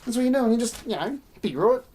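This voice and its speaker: A woman's voice: a little high, expressive, quick pace, a little mellow, a little hiss or hum. An Australian woman hosting a live stream, rambling through opinions and answering her chat in casual commentary. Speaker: livestream host.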